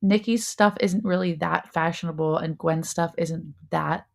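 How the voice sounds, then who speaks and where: Gravelly-voiced woman chatting casually. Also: fairly low pitch, a little slow. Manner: chatty, lots of "like" fillers. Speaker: podcast co-host. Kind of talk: casual review chat.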